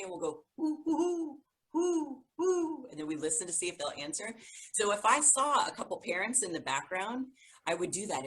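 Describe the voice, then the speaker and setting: A woman's voice: lowish voice, fairly bright tone, rough recording. A woman co-hosting a music education podcast, talking enthusiastically about teaching and demonstrating sounds. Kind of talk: casual chat.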